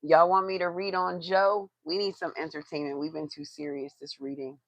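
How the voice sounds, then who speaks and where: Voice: mid-range voice, fairly even intonation, moderate pace, gravelly, a bit bright, no echo. A tarot reader doing a live reading, blunt and profane, who swears for emphasis and talks straight to the chat.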